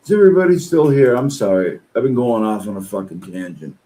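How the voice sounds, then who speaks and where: A man streaming reaction commentary, ranting angrily and swearing. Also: poor audio. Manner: slow-paced, with lively pitch swings. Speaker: streamer reacting to online posts.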